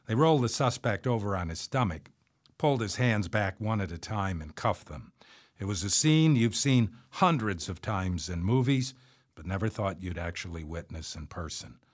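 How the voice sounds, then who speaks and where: A man narrating his own memoir as an audiobook. His voice is low but moves around a lot in pitch. The telling is wry and conversational. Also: lively intonation, normal speed.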